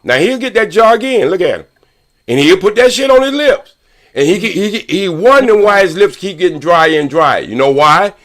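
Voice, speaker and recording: An older man on a podcast panel, arguing loudly and profanely and repeating points for emphasis. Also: high-pitched, lively intonation, moderate pace. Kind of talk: heated podcast debate.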